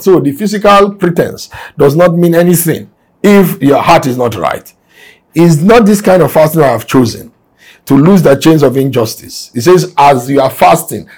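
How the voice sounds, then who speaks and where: A man's voice: on the high side, slightly rough. A man preaching a sermon to remote listeners, reading scripture aloud and explaining it, with emphatic exhortation. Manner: emphatic, rising to forceful exhortation. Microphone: broadcast to remote listeners.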